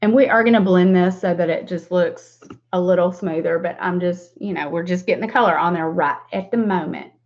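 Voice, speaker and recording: With a lowish voice, she talks briskly, hardly pausing. A makeup vlogger in her forties from the American South, she leads a casual livestream tutorial, chatting with viewers by name and laughing often over dull lo-fi audio.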